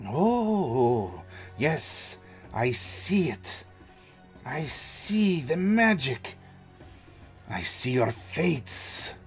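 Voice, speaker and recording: A man putting on a hushed old fortune teller woman. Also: low voice, sing-song, soft background music, full character voice. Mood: mystical. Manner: slow, hushed, mystical.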